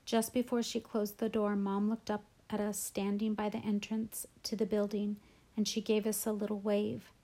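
A woman reading a children's novel aloud in a gentle, emotional storytelling manner. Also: mid-range voice, little pitch movement, moderate pace. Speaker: audiobook narrator. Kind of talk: audiobook reading.

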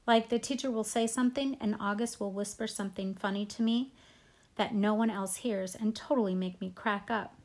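A woman's voice: medium pitch, steady tone, normal speed. A woman narrating a first-person audiobook in a casual, conversational tone. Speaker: audiobook reader.

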